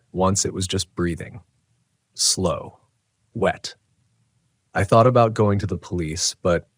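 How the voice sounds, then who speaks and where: A man with a very deep, low voice reading a scripted horror story, measured and tense. The sound is dry and close-miked, with no room at all. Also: no room sound. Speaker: narrator.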